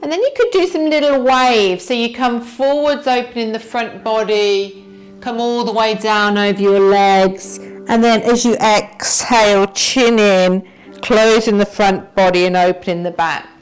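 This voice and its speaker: A woman teacher guiding a yoga warm-up, gently asking the listener what they feel in the body. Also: on the high side, steady tone, faint music behind. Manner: slow, gentle, inviting questions to the listener. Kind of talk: guided yoga class instruction.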